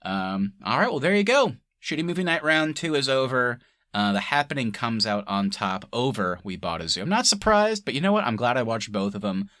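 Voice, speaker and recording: Podcast co-host, male, bright lively voice, dry close mic, loose and laughing. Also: medium pitch, a little fast, no echo. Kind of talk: casual movie-review chat.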